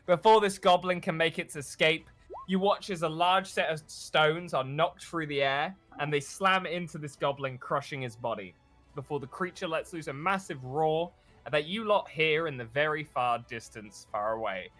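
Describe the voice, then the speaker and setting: A man's voice: a little high, moderate pace, faint music behind. A young man narrating as dungeon master, filling the scenes with ums and uhs. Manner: many ums and uhs, lively scene-setting. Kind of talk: tabletop game narration.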